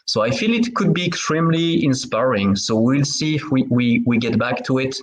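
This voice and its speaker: A man's voice: mid-range voice, animated, normal speed, rough recording. A man with a French accent hosting an interview podcast, talking with many fillers and restarts. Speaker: podcast host.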